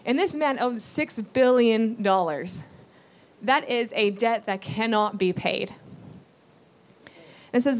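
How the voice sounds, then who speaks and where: A woman's voice: fairly high pitch, takes it slowly, long pauses. A woman giving a sermon, reading scripture aloud and explaining it earnestly, repeating key phrases and asking rhetorical questions. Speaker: Bible teacher.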